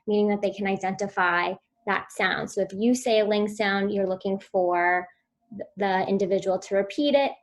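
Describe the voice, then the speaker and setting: A woman presents at a virtual conference, walking listeners through techniques step by step. Her delivery is clear and instructive, and her pitch sits in the middle range for a woman. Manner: clear instructive delivery, models sounds for children. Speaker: speech therapy presenter.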